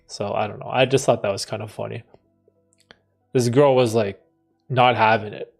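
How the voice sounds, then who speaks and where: A man in his thirties hosting a live stream, reading out chat comments and answering them in a relaxed, chatty way, laughing often and restarting his sentences. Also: medium pitch, normal speed, vocal fry, faint music behind. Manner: laid-back, laughs often, trails off and restarts. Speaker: livestream host answering chat.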